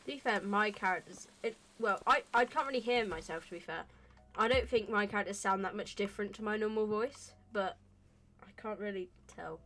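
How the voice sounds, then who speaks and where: A woman's voice: mid-range voice, brisk, bright, forceful tone, a little hiss or hum. A young adult woman streaming a game and chatting casually, rambling and often restarting her sentences. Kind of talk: casual chat while gaming.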